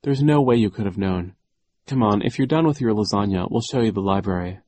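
A man's voice: on the low side, expressive, fairly quick, a little mellow. A man voicing a keen young boy who takes notes on everything, in a storybook reading. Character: boy orphan, eager note-taker.

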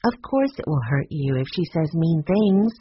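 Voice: medium pitch, expressive, moderate pace, slightly rough, no echo, muffled recording. A narrator voicing Jessie, an earnest, protective girl worried for her sister, in a storybook.

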